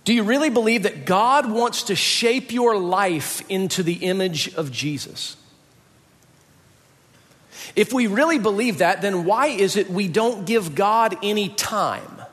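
Emphatic preacher in a reverberant hall. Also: male voice, sits high, animated, measured pace, fairly bright tone. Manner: emphatic, repeats rhetorical questions. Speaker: pastor. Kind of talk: sermon. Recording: long reverb of a large hall.

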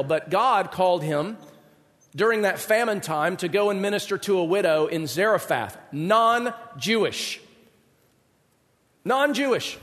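A man delivers a sermon in a large hall that rings with long reverb. His voice sits high for a man, and he acts out the people in the story with sudden swings in pitch and loudness. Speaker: pastor.

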